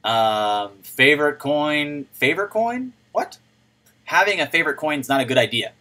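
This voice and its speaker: Excitable man who laughs and yells. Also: on the high side, normal speed. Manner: excitable, laughs often, bursts into yelling. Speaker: crypto livestream host. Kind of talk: casual livestream chat. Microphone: microphone turned up.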